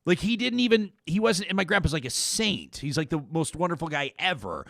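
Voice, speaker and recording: A man's voice: on the high side, sing-song, fairly quick, vocal fry, fairly bright tone, dry recording. A male talk show host with a slightly raised voice who rambles and jokes his way through casual chat. He keeps interrupting himself and circling back. His voice sits close and dry on the mic. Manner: rambling, self-interrupting, jokey.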